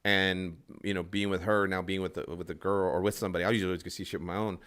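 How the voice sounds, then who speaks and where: A man's voice: deep voice, little pitch movement, rapid-fire, fairly bright tone. A male comedian telling a rambling story in casual podcast chat, acting out other people's lines and swearing freely. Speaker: stand-up comedian guest.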